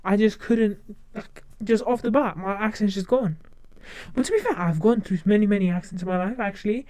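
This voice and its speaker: Streamer, not a native English speaker, casual chat; clear, smooth mid-pitched voice; loose and repetitive delivery. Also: fairly quick, dark tone, dry recording. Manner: rambling, chatty, repeats words and restarts.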